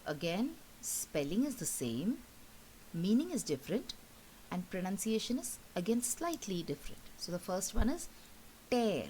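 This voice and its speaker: A woman's voice: medium pitch, very animated, normal speed, mellow, slight background noise, poor audio. A woman teacher with an Indian English accent giving a recorded school lesson, explaining patiently, repeating points and checking in with "okay?". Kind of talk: recorded online class lesson.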